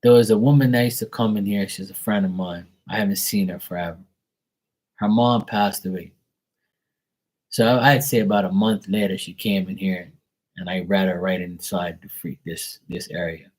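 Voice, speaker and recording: A man's voice: deep voice, steady tone, moderate pace, a little mellow, rough recording. A man, a tarot reader, telling stories casually on a live stream, blunt and profane.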